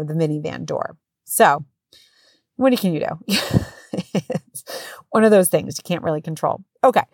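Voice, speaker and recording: A woman's voice: mid-range voice, no room sound. Candid woman podcaster, dry close sound. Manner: candid, swears, animated retelling with quoted voices. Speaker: podcast host. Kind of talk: casual storytelling monologue.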